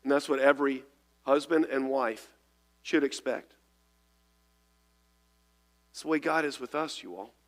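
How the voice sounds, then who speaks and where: A man's voice: mid-range voice, measured pace, long pauses, in a large hall. A man, preaching an earnest sermon in a church, often repeating and restarting words. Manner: earnest, repeats words, shifts between loud and hushed. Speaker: pastor. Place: church sanctuary.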